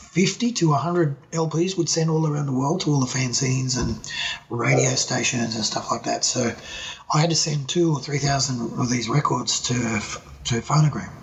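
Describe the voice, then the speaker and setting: A middle-aged Australian man, a band's singer, telling stories in a casual interview, swearing freely and animated. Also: mid-range voice, creaky, a little hiss or hum, rough recording. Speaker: guest, band singer.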